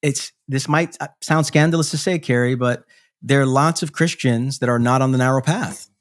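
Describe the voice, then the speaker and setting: A man, a pastor guest on a podcast, explaining theology in a thoughtful, measured way with frequent fillers. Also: mid-range voice. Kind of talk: reflective theological discussion.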